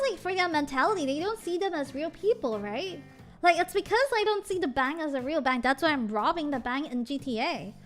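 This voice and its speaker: Bubbly streamer girl, high bright voice, chatting away with chat, tosses in japanese words. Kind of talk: casual chat with viewers.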